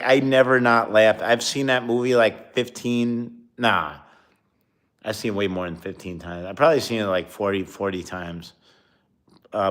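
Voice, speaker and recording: A man who is a comedian chatting casually on a live stream, rambling and talking between bites of food. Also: lowish voice. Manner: rambling, talks while eating.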